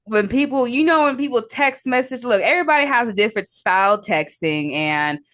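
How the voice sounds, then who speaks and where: A woman's voice: fairly high pitch, animated, brisk, a bit bright. A young woman co-hosting a podcast, chatting casually and bluntly, swearing freely and laughing between points. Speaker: podcast co-host. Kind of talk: casual chat.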